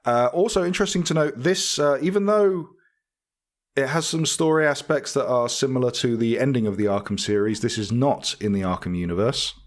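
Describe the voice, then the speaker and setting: A man's voice: medium pitch, brisk. Chatty man co-hosting a podcast. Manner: chatty, laughs easily, frequent fillers. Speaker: podcast co-host. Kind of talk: casual chat.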